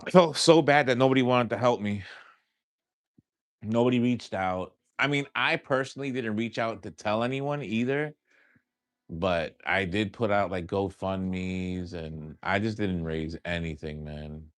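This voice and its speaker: A man in his thirties with a light New York accent talks loosely to his stream viewers. He circles back and repeats words, leaning on fillers. His voice sits very low and sounds close and dry. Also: unhurried, dry recording. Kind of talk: casual live-stream chat.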